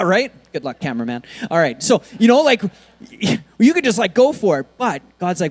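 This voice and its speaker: A man preaching a sermon in a church, talking casually with lots of fillers, and swinging between soft, quiet lines and loud, emphatic ones. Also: high-pitched, sing-song, moderate pace. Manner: casual, conversational preaching with many fillers and laughs. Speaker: pastor.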